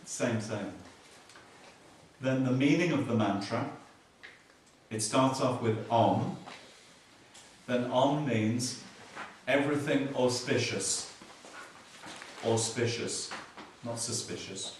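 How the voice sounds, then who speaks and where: A male Buddhist teacher gives a dharma talk in a meditation hall, explaining slowly and patiently, repeating key words and adding dry jokes. His mid-range voice is recorded from far off in a very echoey space, with a little hiss or hum.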